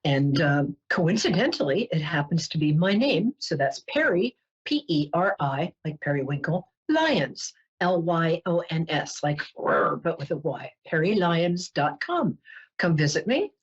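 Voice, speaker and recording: Brief: New York woman, psychic show host, low husky voice, lively swoops, joking, chatty, muffled lo-fi sound. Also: measured pace. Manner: playful, joking, digressive. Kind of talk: casual chatty monologue. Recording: dull lo-fi webcast audio.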